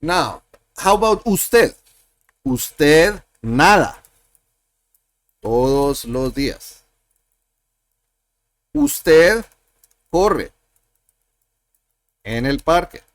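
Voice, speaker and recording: A man teaching a Spanish lesson, slowly and patiently repeating example sentences as he walks through verb endings. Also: a little high, expressive, a bit bright, no room sound. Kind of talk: screen-share language lesson.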